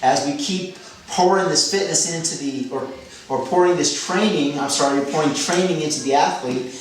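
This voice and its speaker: A man's voice: a little high, moderate pace. A man coaching, explaining a training method in a methodical way, repeating key phrases and correcting himself as he goes. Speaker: fitness coach. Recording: echoey room, mic at a distance, music behind.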